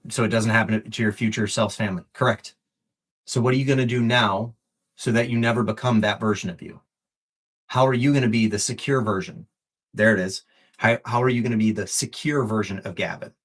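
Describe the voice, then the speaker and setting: Here the man's voice is lowish and slightly rough. He's coaching fitness and life on a live stream, sincere and supportive, driving points home through repetition, cursing casually and nearly crying with emotion.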